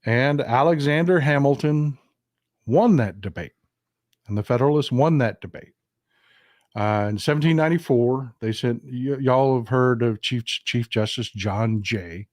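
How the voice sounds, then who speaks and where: Male host, casual political commentary, folksy and animated, dry close sound. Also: mid-range voice, a little slow, no room sound. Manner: folksy, animated, mocks historical figures in quoted voices.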